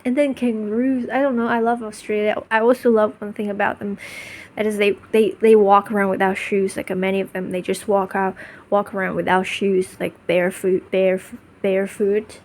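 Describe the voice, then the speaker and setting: A woman's voice: mid-range voice, little pitch movement, moderate pace. Gushing, rambling woman vlogger. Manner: gushing, enthusiastic, rambling with restarts. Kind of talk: casual monologue to camera.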